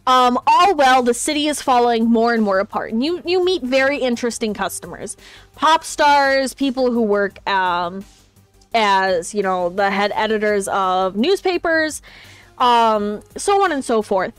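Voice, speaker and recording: A woman's voice: on the high side, animated, a little slow, clear, resonant tone, no echo, faint music behind. A woman streaming a game, chatting casually and explaining the story with many fillers. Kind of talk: casual gameplay chat.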